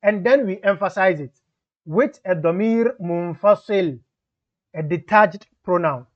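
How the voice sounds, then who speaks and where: A man with a high voice teaches grammar in a patient lesson. He walks through each example step by step and mixes English explanation with Arabic grammar terms. The recording sounds a little dull and lo-fi. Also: unhurried.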